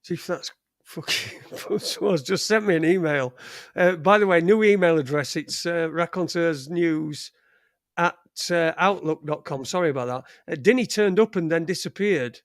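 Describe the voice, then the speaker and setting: A man's voice: fairly high pitch, moderate pace, dry recording, studio quality. A man hosting a casual live chat show, rambling and swearing freely. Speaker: podcast host.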